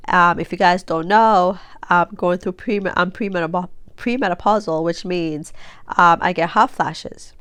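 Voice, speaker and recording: Her lowish voice is a little slow and a bit bright, with a clean tone and no room sound. A craft vlogger in her forties, she talks through a casual crafting tutorial with a blocked nose after sneezing, chatty and rambling with lots of fillers and restarts.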